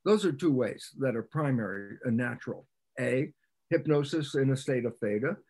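A man speaking as a guest scientist on a podcast, an animated storyteller who repeats phrases for emphasis and acts out little exchanges. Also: medium pitch, normal speed, slightly rough. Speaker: podcast guest, cell biologist. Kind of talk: explanatory interview talk.

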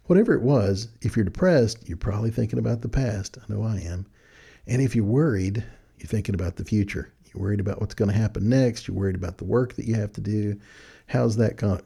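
An older man giving friendly, animated advice to young people in a folksy storytelling manner. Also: on the low side, quick pace, gravelly, breathy edge. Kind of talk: casual talk.

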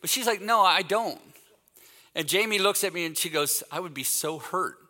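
A man's voice: on the high side, brisk, big-room sound. A man in his fifties, raised in Texas, giving a sermon as a guest speaker, telling stories and acting out the dialogue in them. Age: 50s. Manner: animated anecdotal storytelling, acts out quoted dialogue. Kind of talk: sermon with storytelling.

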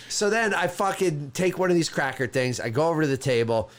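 Animated young man telling a story. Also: a little high, fairly quick. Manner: animated, acts out quoted people, swears freely. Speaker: podcast co-host. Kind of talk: casual storytelling chat.

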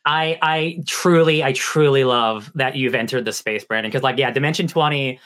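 A man co-hosting a podcast in casual, animated conversation. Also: medium pitch, normal speed. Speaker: podcast co-host. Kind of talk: casual chat.

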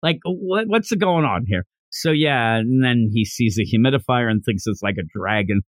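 A man's voice: mid-range voice, expressive, normal speed, no echo. A man chatting casually about an anime, sarcastically acting out the characters' lines. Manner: sarcastic, acts out characters' lines in exaggerated voices. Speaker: podcast host reviewing an anime. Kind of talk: casual chat.

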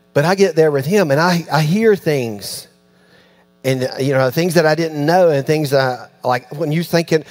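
Speaking at a normal speed, this fairly high-voiced pastor tells his sermon's stories with energy, doing the voices of each character and softening to a hush on quieter lines. Underneath it all, a faint electrical hum can be heard.

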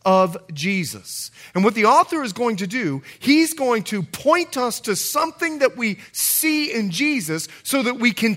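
A man from the Bahamas, a pastor with a Bahamian accent softened by years in the US, preaching an evening sermon and calling out to his congregation. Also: high-pitched. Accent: Bahamian, softened by long US residence. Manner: animated preaching with call-and-response to the congregation.

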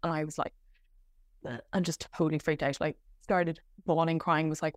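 A woman's voice: sits low, fairly even intonation, moderate pace, no room sound, studio quality. An Irish woman hosting a podcast, telling a personal story in a candid, rambling way with many fillers and restarts. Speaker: podcast host.

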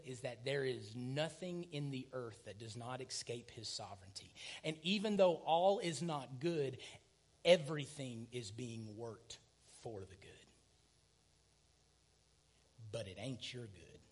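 A man, preaching a sermon, swinging from loud emphatic passages to hushed near-whispers. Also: medium pitch, lively intonation, a little slow, breathy edge. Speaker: pastor.

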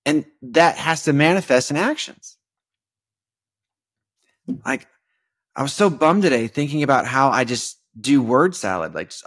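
A man's voice: fairly high pitch, very animated, normal speed, long pauses, fairly bright tone, breathy edge. Casual man musing on faith. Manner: conversational, many fillers and restarts. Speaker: podcast host.

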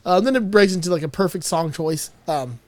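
Podcast co-host, male, high-ish voice, crude laughing movie recap, dry sound. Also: brisk, a little mellow, no echo. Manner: loose, profane, laughing recap. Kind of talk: casual podcast chat recapping a film.

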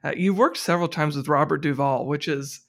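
A man's voice: fairly high pitch, fairly quick, vocal fry, a bit bright. A man hosting an interview, asking friendly questions with small chuckles. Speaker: interview host. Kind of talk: casual interview.

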